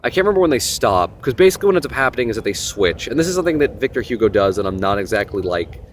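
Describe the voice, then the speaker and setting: A young man hosting a casual vlog, retelling a novel in a rambling, animated way with lots of fillers and asides. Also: fairly low pitch, racing, slight background noise. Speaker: host.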